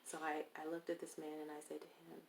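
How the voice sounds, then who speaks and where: Low, gravelly woman telling her story. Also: quick pace. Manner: animated, acts out quoted people in a raised voice. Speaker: interviewee. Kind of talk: casual personal storytelling. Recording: roomy echo.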